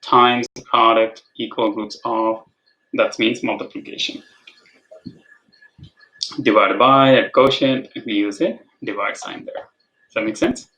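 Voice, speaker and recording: A man's voice: on the low side, flat delivery, measured pace, long pauses, sharp tone, poor audio. A man tutoring algebra over a video call, patient, repeating his prompts and checking for understanding. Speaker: math tutor. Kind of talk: online tutoring session.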